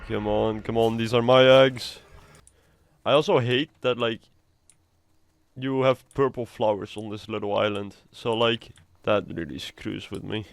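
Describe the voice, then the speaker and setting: A man's voice: fairly low pitch, steady tone, measured pace, creaky, dry recording. Chatty man commenting on gameplay. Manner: chatty, rambling, swears casually. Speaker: gamer.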